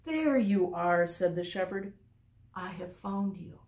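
Kind male shepherd, calm and reassuring, played by a woman reading aloud. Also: on the low side, slow pace, reverberant. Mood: tender. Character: gentle caring male shepherd.

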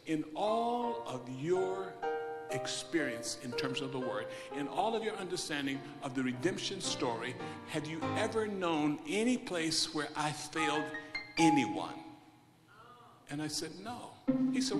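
A man preaching a sermon, moving from hushed quiet passages to loud, emphatic storytelling. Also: a little high, very animated, a little slow. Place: church hall. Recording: large hall reverb with music behind. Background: instrumental music.

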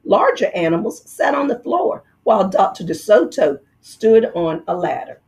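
A woman reading a children's picture book aloud, in a slow, expressive way. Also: medium pitch. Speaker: storyteller.

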